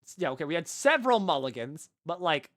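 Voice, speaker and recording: Lively man streaming a game. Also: fairly high pitch, quick pace, no echo, studio quality. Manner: chatty, answers chat, swears casually. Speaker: gaming streamer. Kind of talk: casual live-stream commentary.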